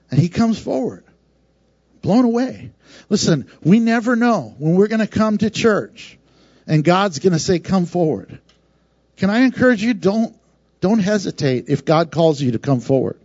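A man preaching a sermon in a conversational, animated way, laughing often and acting out voices. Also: high-pitched, measured pace, husky, no room sound, muffled recording. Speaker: pastor.

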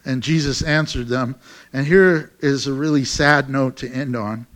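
A male pastor preaching a sermon, swinging between loud exhortation and hushed, tender passages. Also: mid-range voice, unhurried.

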